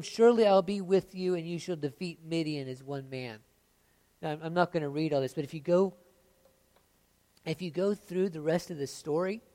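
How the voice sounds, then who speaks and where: A man preaching a sermon, reading scripture aloud with rising intensity and dropping to soft confiding asides, often stammering and restarting. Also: on the high side. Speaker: pastor.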